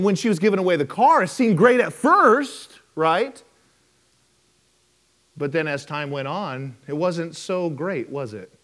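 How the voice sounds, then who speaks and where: A male pastor preaching a sermon, telling stories animatedly and acting out the people in them. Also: high-pitched. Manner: storytelling, animated with impressions.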